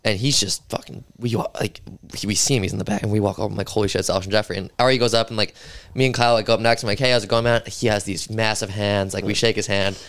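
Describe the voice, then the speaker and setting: A man's voice: on the low side, fairly even intonation, fast, fairly bright tone. A young man telling a story in casual chat, rambling, full of "like" and casual swearing. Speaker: podcast guest.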